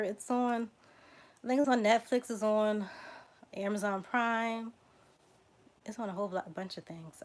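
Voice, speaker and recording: A woman with a Southern US accent hosting a casual livestream, reading out name lists, spelling names letter by letter and chatting with viewers. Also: medium pitch. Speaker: genealogy livestream host.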